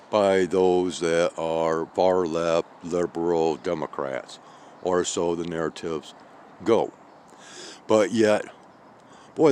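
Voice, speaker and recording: A tired man in his late fifties rambling through a slow monologue, checking in with "okay?" and "all right?" as he goes. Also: deep voice, darkish tone, a little hiss or hum. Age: 50s. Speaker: channel host.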